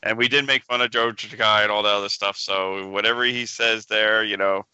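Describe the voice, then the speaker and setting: Man, podcast co-host, very bright voice, dry close sound, joking casual chat. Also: lowish voice, fairly even intonation, a little fast, clean tone, no echo, highs cut off. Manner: joking, reads listener emails aloud.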